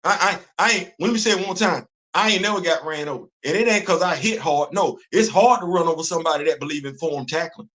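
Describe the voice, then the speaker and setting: Animated high-voiced man ranting. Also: quick pace, few pauses. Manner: animated, repetitive, laughing often, heavy slang. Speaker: host. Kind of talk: casual livestream commentary.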